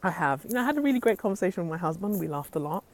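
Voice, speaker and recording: A woman's voice: medium pitch, sing-song, rapid-fire, darkish tone, a little hiss or hum. A woman giving an earnest, faith-driven inspirational talk to her phone camera, often saying "literally". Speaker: motivational vlogger. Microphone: handheld phone camera.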